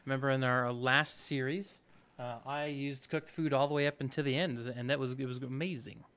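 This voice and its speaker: A man's voice: medium pitch, fairly even intonation, brisk, a bit bright, clean tone. A man hosting a let's play, giving upbeat, chatty gameplay commentary and thinking aloud as he goes.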